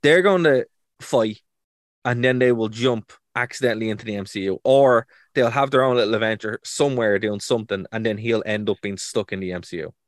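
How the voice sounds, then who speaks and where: A man's voice: lowish voice, a little fast, dry recording, clean studio sound. Joking man in casual podcast chat. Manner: joking, self-mocking, speculative. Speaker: podcast co-host.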